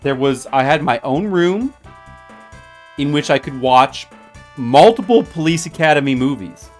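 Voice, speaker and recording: A man chatters casually while streaming a retro puzzle game, playful and meandering as he teases a viewer. His pitch bounces around with lively, animated swings. Faint game music plays behind him. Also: unhurried. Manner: playful, rambling, jokingly addresses a viewer by name.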